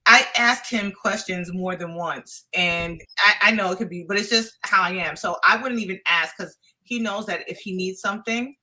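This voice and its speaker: A woman chatting casually in a lively way about herself. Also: mid-range voice, normal speed, hardly any pauses, recorded from a distance, poor audio. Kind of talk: casual chat.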